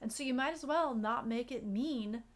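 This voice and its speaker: Higher-voiced woman chatting on a podcast. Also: normal speed. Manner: storytelling, reflective, animated asides. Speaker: podcast co-host. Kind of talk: casual conversational chat.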